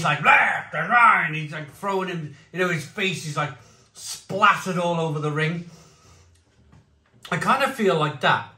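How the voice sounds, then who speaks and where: Man, beer reviewer, bright forceful voice, rambling excited talk, echoey room. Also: on the high side, recorded from a distance. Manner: excitable, rambling, bursts of shouting. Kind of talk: enthusiastic tasting vlog.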